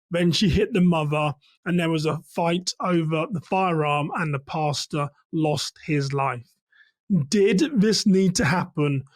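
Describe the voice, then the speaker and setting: A man from England giving measured, instructive commentary on a church security case as a trainer. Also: fairly high pitch, dry recording.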